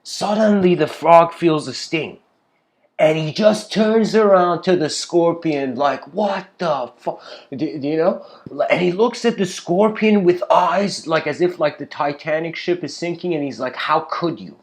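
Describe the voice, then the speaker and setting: A man's voice: on the high side, a little slow. Male speaker, easygoing lecture delivery, loose and rambling. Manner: rambling, laid-back, says "you know" constantly, laughs often. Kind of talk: casual spoken lecture.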